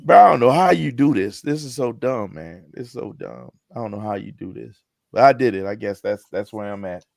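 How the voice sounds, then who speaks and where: A man's voice: on the low side, fairly quick, gravelly, darkish tone, no echo. A man in his forties hosting a casual chat, laid-back and laughing often, his voice wearing thin. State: losing his voice. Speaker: podcast host.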